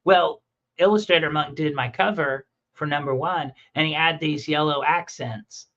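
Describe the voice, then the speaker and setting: This podcast host and comic creator has a fairly high-pitched voice and talks at a normal speed. Chatting casually about making comics, he rambles through animated stories full of restarts, captured on muffled lo-fi audio.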